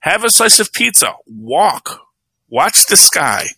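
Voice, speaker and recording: Brief: male podcast host, animated and bright, rambles with restarts and laughs, dry sound. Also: sits high, slow, husky, no room sound, rough recording. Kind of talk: casual chat, film review.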